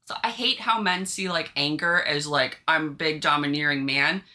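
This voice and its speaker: A woman co-hosting a casual podcast, reading online posts aloud and chatting with an animated, giggly manner. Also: low-pitched, moderate pace. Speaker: podcast co-host reading stories.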